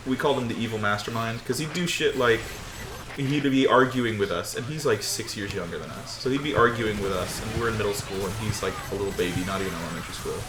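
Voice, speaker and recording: A man's voice: on the low side, roomy sound, rough recording. A young man co-hosting a gaming video, rambling through a funny story and laughing often. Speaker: co-host of a gaming channel. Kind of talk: casual chat over gameplay.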